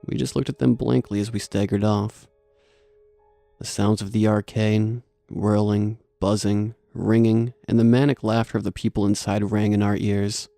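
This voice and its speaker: A man reads a horror story aloud in a low, gravelly voice with a dark, mellow tone. He keeps a steady, measured pace, recorded close and dry, with faint music playing underneath. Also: no echo. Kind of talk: scripted horror narration.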